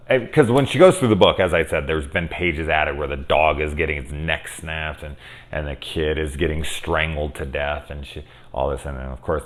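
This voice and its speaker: A man with an extremely low, rumbling voice talks through a film in a loose, casual review. He rambles excitedly, swears freely and leans on "like" and "you know" as he goes.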